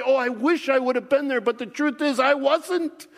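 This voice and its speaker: A pastor preaching a sermon in an animated, conversational way, often restarting his sentences. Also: extremely high pitch, normal speed, hardly any pauses, long reverb tail.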